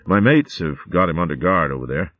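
A man voicing a gruff, hearty male shrew chieftain in a storybook, speaking in sailor slang. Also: low-pitched, big pitch swings, brisk, no echo. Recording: phone-like dry audio.

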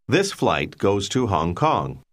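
Slow, deep-voiced male lesson narrator. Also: sing-song. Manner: slow, clear instructional delivery. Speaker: language course narrator.

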